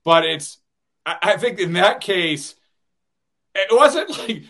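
Guesting on a podcast in a casual interview chat, a radio broadcaster tells rambling stories full of restarts and frequent chuckles. His voice is high with big pitch swings, a bit bright, and he takes it slowly.

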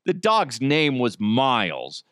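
A man's voice: medium pitch, wildly swooping pitch, slow pace, fairly bright tone, dry recording, studio quality. A middle-aged man hosting a casual solo podcast, ranting in an exasperated, profane way and telling stories with lots of animation. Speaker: podcast host.

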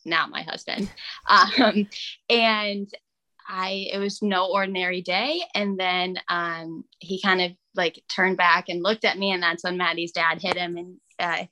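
A young woman in casual chat, telling stories in an animated way, laughing often and acting out what others said. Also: on the low side, measured pace. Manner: animated storyteller, laughs often, acts out quoted voices. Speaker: guest.

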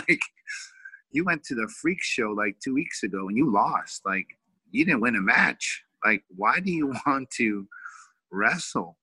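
A man's voice: medium pitch, expressive, unhurried, sharp tone, breathy edge, dry recording, poor audio. A man in his forties from California, a wrestling coach telling a heartfelt personal story in an emotional, rambling way, full of fillers. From California, USA.

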